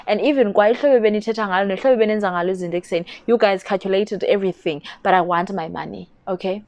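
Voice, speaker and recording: A young South African woman with a South African accent, telling a story to camera in a casual vlog with animated, indignant bursts. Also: on the low side, fast talker, hardly any pauses. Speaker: YouTuber.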